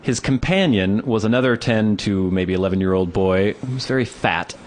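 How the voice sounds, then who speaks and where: A man co-hosting a casual podcast, telling a story with lively, acted-out quotes. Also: fairly low pitch, moderate pace. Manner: animated storyteller acting out quoted voices. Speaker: podcast co-host. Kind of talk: casual chat, comic storytelling. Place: Pacific Northwest town.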